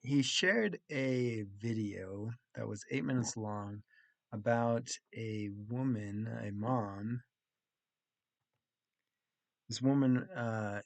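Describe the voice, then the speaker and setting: A man's voice: mid-range voice, no echo. A young adult man, a college student, casually recapping his class week and retelling a story step by step. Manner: plainly retelling a story step by step, with pauses and restarts.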